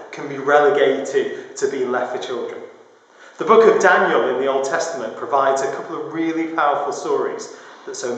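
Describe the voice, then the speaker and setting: Man, sermon, measured explanatory, very echoey church hall. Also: medium pitch. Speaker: preacher. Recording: very echoey hall with long reverb.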